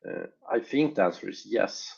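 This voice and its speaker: Gravelly husky man developer, lo-fi. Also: on the low side, lively intonation, normal speed, darkish tone. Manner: thoughtful, hesitant, weighing options aloud. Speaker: game developer. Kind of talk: casual interview talk.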